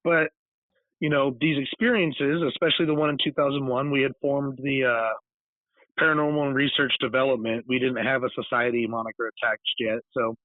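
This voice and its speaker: A man with a medium-pitched, level voice talks a little fast on a dry, tinny line that sounds like a phone. He's a Californian author and paranormal investigator appearing as a guest in a relaxed interview. He tells a long, meandering story, wandering off on tangents and restarting often.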